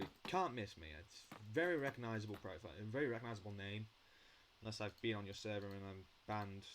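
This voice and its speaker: A young man rambles through a casual monologue while building in Minecraft, vlogging in a blunt, chatty way and swearing now and then. His voice sits at a medium pitch, with a little hiss or hum in the recording.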